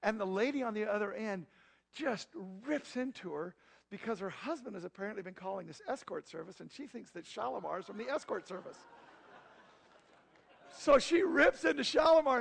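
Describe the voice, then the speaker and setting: High, gravelly-voiced male pastor. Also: moderate pace. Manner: animated, conversational storytelling with asides to the congregation. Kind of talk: storytelling sermon.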